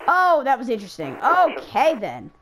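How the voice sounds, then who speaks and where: A woman's voice: on the high side, wildly swooping pitch, normal speed, a crowd in the background. Chatty woman narrating her race game. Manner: chatty, self-mocking, exclaiming at crashes. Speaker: gaming YouTuber racing in an online league. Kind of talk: casual live commentary while playing a racing game.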